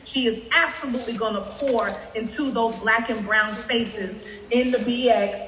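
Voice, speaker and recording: A woman's voice: a little high, fairly even intonation, normal speed, a bit bright, echoey room, long reverb tail, slight background noise, rough recording. A woman giving an emphatic, preacherly tribute to a colleague on a group video call. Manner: emphatic and preacherly, with faith language.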